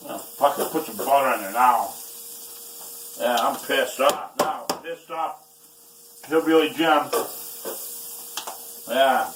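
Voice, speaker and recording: A man talks to his camera while cooking, grumbling and cursing as he goes. His voice sits in the middle range and his pace is slow and drawn out. He is off the mic in a roomy kitchen with faint noise behind. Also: medium pitch, recorded from a distance. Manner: swears often, frustrated and grumbling. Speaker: vlogger cooking at home. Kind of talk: casual kitchen vlog.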